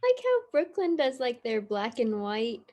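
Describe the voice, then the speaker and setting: A woman interviewer giving brief, relaxed replies from off-mic. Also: on the high side, normal speed. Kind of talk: casual chat.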